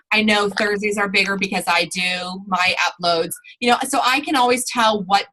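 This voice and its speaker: A woman with a bright, forceful tone leads a live online training for her sales team over a computer mic. She talks in a chatty, rambling way, circling back and correcting herself mid-sentence. Her pitch sits in an ordinary middle range. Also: poor audio.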